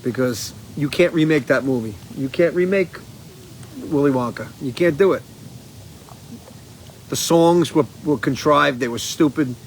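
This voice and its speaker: A man's voice: fairly high pitch, a little slow, long pauses, slight background noise, poor audio. Rambling, profane man on a porch. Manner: rambling, profane, animated storytelling. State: a little stoned. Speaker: live-stream host. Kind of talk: casual live-stream chat. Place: outdoors on a porch.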